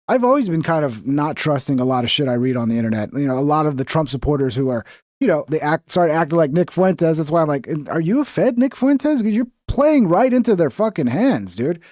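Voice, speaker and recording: A young man riffs loosely on a livestream, swearing often and drifting into conspiratorial tangents. His voice sits a little higher than most men's, and the recording is dry and close, with no room sound. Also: a little mellow, dry recording. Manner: profane, rambling, conspiratorial asides. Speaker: streamer reacting to a video. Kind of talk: casual livestream commentary.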